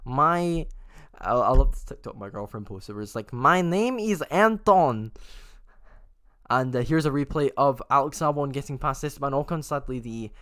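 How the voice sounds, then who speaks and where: A man talks through a motor race live in a loose, chatty way, often stopping to fix a name he got wrong. His voice sits at an everyday middle pitch. The sound is dry and close, with little room around it. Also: a little fast, fairly bright tone, clean tone, no echo. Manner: chatty, often corrects himself mid-sentence. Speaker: host of a race watchalong.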